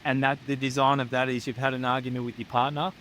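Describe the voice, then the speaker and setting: A man's voice: medium pitch, little pitch movement, fast talker, fairly bright tone, slight background noise, low-quality recording. An Australian man who works as a psychotherapist, speaking as a guest in a candid, casual chat, blunt and swearing freely. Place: home near the beach.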